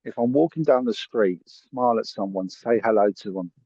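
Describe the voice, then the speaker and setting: A man's voice: fairly low pitch, moderate pace, dark tone, slightly rough, dry recording, highs cut off. A man, a podcast guest telling a story in a chatty, earnest way and acting out the voices of the people in it. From England. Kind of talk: casual storytelling.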